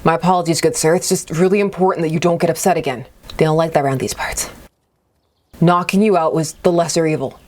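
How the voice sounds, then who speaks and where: A woman's voice: deep voice, fairly even intonation, fast. A woman reading as a grinning, placating village man. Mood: calm, placating. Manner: soft, placating, unnervingly cheery. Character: smiling, overly calm village man.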